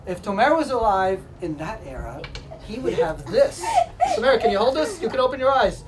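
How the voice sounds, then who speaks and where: A man's voice: high voice, very animated, moderate pace, recorded from a distance, heavy background noise. A man running a playful, teasing demonstration for a class of children, joking and laughing often. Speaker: museum presenter. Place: school room with children.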